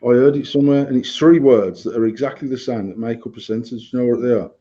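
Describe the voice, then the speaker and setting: A man's voice: mid-range voice, fast, mellow. Blunt, sweary man, lo-fi sound. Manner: sweary, blunt, talks vaping gear. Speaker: co-host of a vaping podcast. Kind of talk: casual banter. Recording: dull lo-fi sound.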